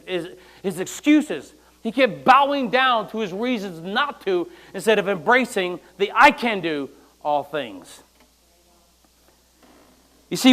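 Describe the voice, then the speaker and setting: A man with a high voice preaches a lively sermon in church. He acts out quoted lines, now and then breaking into loud bursts. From United States. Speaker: pastor.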